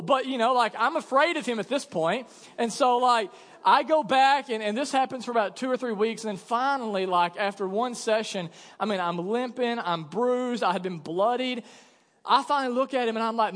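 A young man preaching from the pulpit in a high voice, spinning a funny, animated story and playing out each line of dialogue. His voice rings through a church hall with a long reverb tail. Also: fairly quick. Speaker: pastor. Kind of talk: sermon with storytelling.

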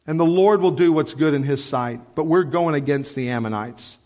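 A middle-aged pastor preaches in a high, bright register, carried by a long reverb through the church sanctuary. He tells stories in an animated, conversational way, full of asides to the congregation. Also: moderate pace. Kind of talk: sermon.

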